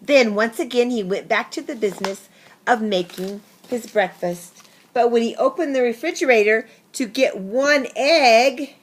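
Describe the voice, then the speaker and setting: A woman reading a picture book aloud to children, taking her time over each line. Her voice sits a touch high, and she breaks off to ask her young listeners what they think. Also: measured pace. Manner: expressive, asks listeners questions. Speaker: storybook reader.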